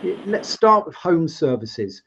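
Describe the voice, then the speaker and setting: A man's voice: a little high, big pitch swings, measured pace, creaky, a crowd in the background. A man hosting a live interview show, asking long, rambling questions in a chatty way over a video call. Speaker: host. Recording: dull lo-fi sound.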